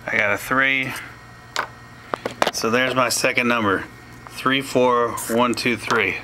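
A man walks through a tutorial step by step at an unhurried, deliberate pace. His voice sits in an ordinary middle pitch. A steady noisy hiss runs under the recording. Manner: slow, plain explaining with asides. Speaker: teacher.

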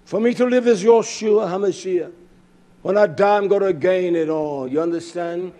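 A man preaching a fiery, scolding sermon that swings from loud outbursts to quiet asides. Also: high voice, moderate pace.

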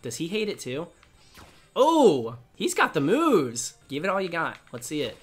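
A man doing excited gaming commentary as a YouTuber, chatty and excitable, cooing at the creatures on screen. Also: fairly high pitch, a little slow, breathy edge, faint music behind.

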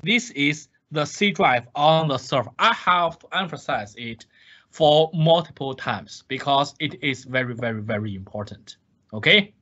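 Man lecturing, fairly high voice, emphatic and repetitive, muffled lo-fi sound. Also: lively intonation, measured pace, bright, forceful tone. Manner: repetitive, emphatic, asks and answers his own questions. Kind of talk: recorded screen-share lecture. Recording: dull lo-fi lecture capture.

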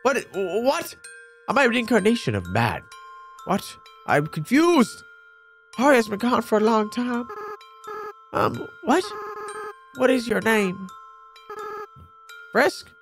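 An excitable man chatting through a game he is playing, joking and swearing in his reactions. His voice has a gravelly texture and swings widely in pitch, and his talk runs slow. Game music sits faintly behind him. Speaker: let's play gamer. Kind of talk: casual game commentary.

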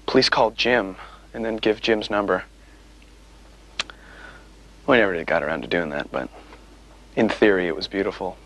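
A man's voice: low voice, moderate pace, long pauses, a bit bright, poor audio. A man being interviewed as a musician, telling stories in a wry, rambling way with lots of fillers. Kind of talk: casual interview chat.

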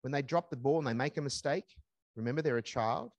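A man's voice: medium pitch, fast talker, no echo. A man presenting a live parenting seminar, emphatic and repeating his key phrases.

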